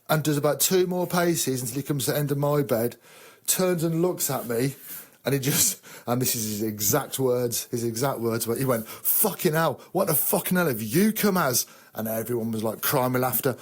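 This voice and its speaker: An English army veteran telling a rambling, profane, self-mocking story in casual chat. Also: male voice, medium pitch. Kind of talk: casual sweary anecdote.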